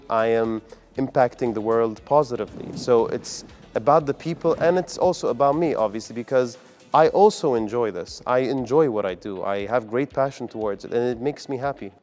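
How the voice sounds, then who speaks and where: A man's voice: fairly low pitch, a little mellow. A man from the UAE, a comedian answering interview questions in an upbeat, earnest way. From United Arab Emirates. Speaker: comedian and guest.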